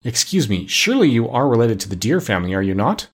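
A man's voice: mid-range voice, big pitch swings, fast. A man voicing a kindly, absent-minded doctor in a storybook reading, speaking mildly and with hesitant murmurs.

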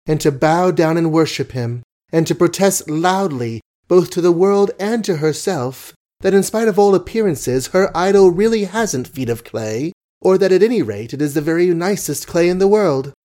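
A proud, wounded young society lady, read by a man in a raised, mellow voice. She talks eagerly and fast, with defiance under the words, as in an old storybook. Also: on the high side, expressive, pitched above the performer's own voice, natural voice. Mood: weary. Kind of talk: audiobook reading.

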